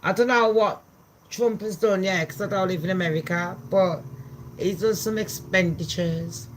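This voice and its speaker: A woman's voice: mid-range voice, normal speed, a little hiss or hum. Profane, blunt woman ranting. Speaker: channel host. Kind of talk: casual ranting commentary.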